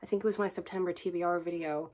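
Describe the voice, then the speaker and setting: A woman's voice: lowish voice, steady tone, fast, darkish tone. A woman talking casually to camera in a reading vlog, candid, chatty and self-mocking. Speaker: book vlogger.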